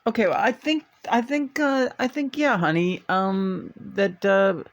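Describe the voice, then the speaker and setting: Against a noisy background, a high-voiced man with vocal fry and fairly flat intonation speaks a bit slowly during a tarot reading. He's casual and playful, rambling hesitantly and now and then meowing in a sing-song way.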